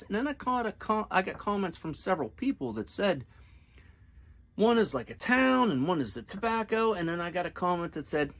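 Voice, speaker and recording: A man's voice: sits high, big pitch swings, fairly quick, fairly bright tone. A middle-aged man hosting a pipe-smoking video, chatting casually at home in a rambling, self-deprecating way. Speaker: pipe-smoking channel host. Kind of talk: casual chat to camera. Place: home, downstairs room with family upstairs.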